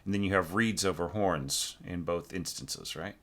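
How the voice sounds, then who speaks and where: A man teaching orchestration, giving a relaxed score critique full of fillers and self-corrections, now and then singing phrases on nonsense syllables. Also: deep voice, normal speed. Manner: relaxed, thinks aloud, sings phrases with syllables.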